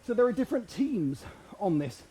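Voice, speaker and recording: A man's voice: sits high, very animated, a little fast, mellow, a little hiss or hum. A man commenting on his own cycling race while riding hard and out of breath, chatting and reading out viewer comments. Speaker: cyclist streaming a virtual race. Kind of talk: live ride commentary.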